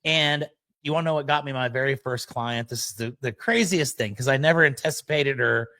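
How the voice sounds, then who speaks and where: A man hosting a podcast, telling a personal story at an unhurried pace. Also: mid-range voice, bright, forceful tone, dry recording. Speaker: podcast host.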